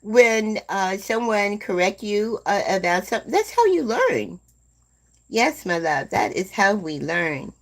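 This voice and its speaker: A woman in her seventies hosting a live stream, chatting slowly and gently with viewers and calling them "my dear love.". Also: mid-range voice, big pitch swings. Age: 70s. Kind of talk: casual chat with live viewers.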